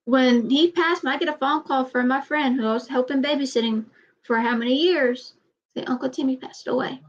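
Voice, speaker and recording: A woman vlogging in casual personal talk, halting, often repeating herself and trailing off. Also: high-pitched, muffled recording.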